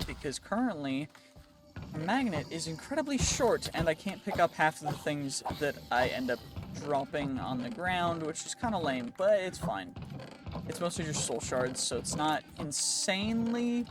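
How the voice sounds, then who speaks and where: A man hosting a gaming channel, casually commenting on his gameplay in a chatty, excitable way, talking through each move and often restarting his sentences. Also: fairly high pitch. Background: background music.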